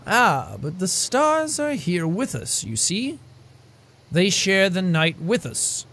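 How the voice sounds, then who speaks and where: A man doing a wise old deer who speaks slowly and soothingly, with a lowered, hushed voice. The deer is serene and gently philosophical. It sounds like a calm spirit from a story game. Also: full character voice. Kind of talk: reading game dialogue aloud.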